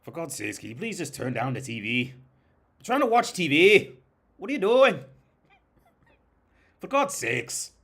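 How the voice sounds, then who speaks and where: A man's voice: big pitch swings, a little slow, pauses often, a bit bright, husky, exaggerated voice. A man doing a put-on Irish accent as an exasperated man nagging at home, huffy and exclaiming. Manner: huffy, exclaiming, high-pitched.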